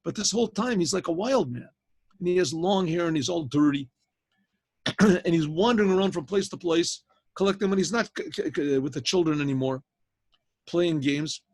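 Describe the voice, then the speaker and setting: A man, a rabbi, telling a story to a class in a lively spoken way, often clearing his throat and restarting. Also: fairly high pitch, moderate pace. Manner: animated teller, frequent throat clearing and restarts. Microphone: video call.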